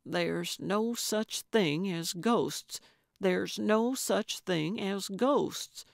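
A woman's voice: mid-range voice, takes it slowly, creaky, no room sound, studio quality. A woman voicing a stubborn, feisty older woman sleuth who talks emphatically and over-enunciates. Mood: nervous.

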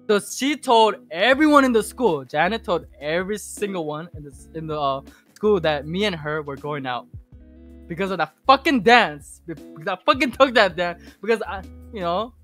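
A man being interviewed as a podcast guest, telling a casual story full of swearing and restarts. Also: sits high. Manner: rambling, heavy swearing, animated retelling.

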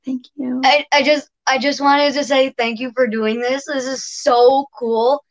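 A woman's voice: high voice, fairly even intonation, measured pace, dull audio. A woman viewer introducing herself and thanking the teacher, shy and stammering. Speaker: class viewer.

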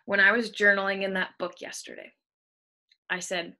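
A woman's voice: medium pitch, level tone, normal speed, bright, forceful tone. A woman leading a motivational team call, hyped and cheering her team on, swearing freely, from a room at home. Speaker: team leader of a coaching team. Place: room at home with the window open.

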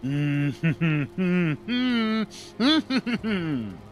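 Animated, grumbling male game streamer. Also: high voice, drawn-out words. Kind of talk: live gameplay commentary.

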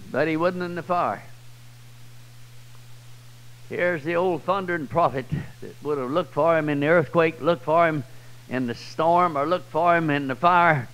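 A man with a Southern US accent preaching a sermon, swinging from loud, high cries to low, quiet passages. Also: low-quality recording. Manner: swells loud and high then drops low and soft. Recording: old 1990s church tape.

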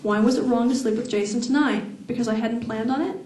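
A woman reading her first-person novel aloud at a live event, in a steady, expressive voice. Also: fairly high pitch, a little fast. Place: event hall. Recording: echoey room, far from mic.

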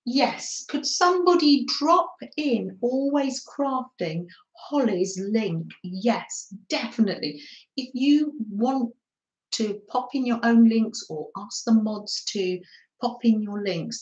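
This English crafter hosts a livestream in a relaxed, chatty way, reading comments aloud, naming viewers as she greets them, and giggling frequently. Her mid-range voice is animated but slow, and the muffled recording echoes around the room.

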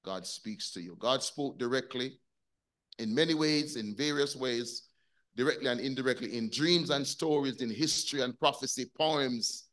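A man's voice: mid-range voice, fairly bright tone. A man teaching a Sunday school lesson over a video call, talking conversationally and putting questions to his class.

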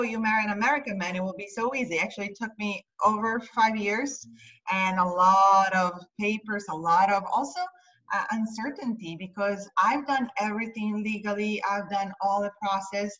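A woman's voice: medium pitch, fairly bright tone. A woman from Italy with an Italian accent, talking casually as an interview guest, laughing often and leaning on fillers. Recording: distant, muffled mic.

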